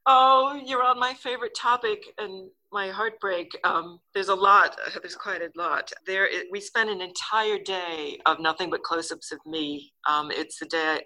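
An older woman, an actress and interview guest, telling a story in a casual, lively way and acting out the lines she quotes. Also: low-quality recording. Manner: lively, acts out quotes with big pitch jumps.

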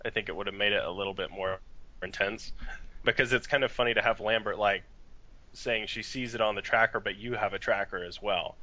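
Bright-toned man giving game opinions. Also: lowish voice, muffled recording. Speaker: podcast co-host. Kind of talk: casual podcast chat.

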